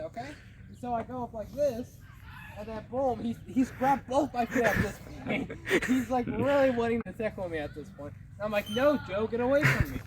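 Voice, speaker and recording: A man giving a joking mock tutorial outdoors on a playground, playful and giggly, filmed on a phone. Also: extremely high pitch. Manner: playful, giggly, over-the-top. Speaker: vlogger. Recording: noisy outdoor phone recording.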